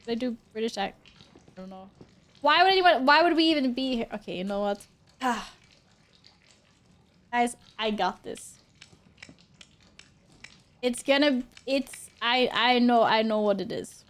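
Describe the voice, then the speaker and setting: A young woman with a high voice talks her way through a live game stream. She reacts on the spot, cursing and yelling at the game when things go wrong. Her commentary is loose, chatty and addressed to her viewers. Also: animated, measured pace, pauses often. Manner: reactive, swears and exclaims often.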